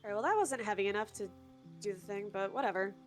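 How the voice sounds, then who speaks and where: A woman's voice: mid-range voice, fast talker, soft background music. A woman live-streaming a co-op game, chatting casually and rambling with lots of fillers and restarts.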